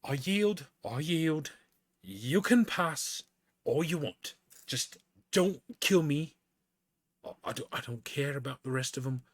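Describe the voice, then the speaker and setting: A man voicing a hurt, defeated male bandit who swears loudly and begs to be spared. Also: animated, takes it slowly, no echo. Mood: pleading angry. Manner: swearing, pleading, high and loud.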